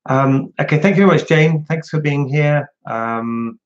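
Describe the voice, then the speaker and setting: A man's voice: fairly high pitch, a little slow, dull audio. Chatty man answering livestream questions. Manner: chatty, answers viewer chat questions one by one. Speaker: livestream host. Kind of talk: casual livestream Q&A.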